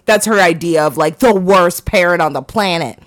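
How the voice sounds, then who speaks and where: A woman's voice: on the low side, normal speed, dry recording, clean studio sound, faint music behind. A woman co-hosting a podcast, recapping a film in casual chat, enthusiastic and laughing often, with frequent swearing. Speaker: podcast co-host.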